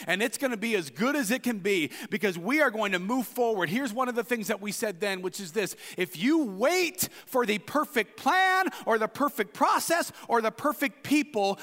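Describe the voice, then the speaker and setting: Animated, emphatic male pastor. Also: sits high. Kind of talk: sermon. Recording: long hall reverb.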